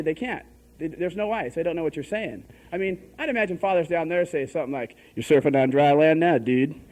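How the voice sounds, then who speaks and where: A man's voice: a little high, rough recording. A young man doing a stand-up comedy set on a live stage, chatty and full of "you know". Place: live stage before an audience.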